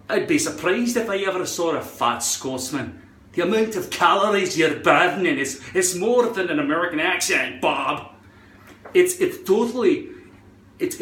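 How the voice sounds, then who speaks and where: A man tries out a put-on Scottish accent as he casually walks through a hair-care routine. He is playful and a little sweary. His voice sits somewhat high, and the room around him is roomy and echoey. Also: expressive, a little slow, fairly bright tone. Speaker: hairpiece vlogger. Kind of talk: casual how-to vlog. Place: room at home by a mirror.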